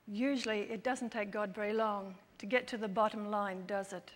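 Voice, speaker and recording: A woman's voice: mid-range voice, steady tone, moderate pace, few pauses, in a large hall. A woman telling a Bible story as scripted narration, dramatic and playful, with wry asides.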